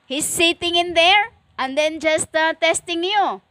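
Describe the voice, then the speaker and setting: Woman, stern lecturing preacher; very slow, halting delivery, bright tone. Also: extremely high pitch, no echo. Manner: stern and lecturing, slow with many pauses and fillers. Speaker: self-styled preacher. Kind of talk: impassioned spiritual monologue.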